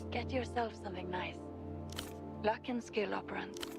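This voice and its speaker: An actress voicing Mel, a dry, cynical female colleague in a video game, speaking with a wry, deadpan delivery. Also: mid-range voice, moderate pace, close to an everyday voice. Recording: game dialogue with music under it. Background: game music.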